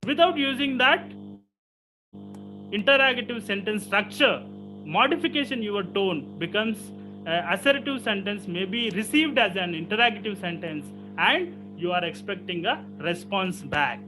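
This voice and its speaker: A man's voice: sits high, expressive, unhurried, over music, rough recording. A middle-aged man with an Indian English accent giving an online lecture, repeating key words and checking in with "okay?" after nearly every point.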